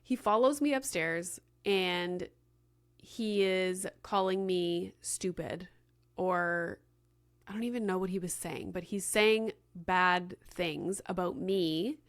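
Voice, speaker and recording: A woman's voice: lowish voice, a little slow. A woman in her thirties hosting a podcast, casually telling a story with lots of "like" fillers and acted-out dialogue. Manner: chatty, many "like" fillers, acts out quoted dialogue. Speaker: podcast host.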